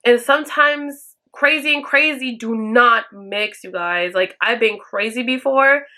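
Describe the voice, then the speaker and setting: A woman's voice: fairly high pitch, measured pace, sharp tone. A woman talking straight to her viewers, giving blunt, profane advice in a casual chat and acting out the lines she quotes. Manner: acts out quoted lines in a raised voice. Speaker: vlogger answering viewer questions.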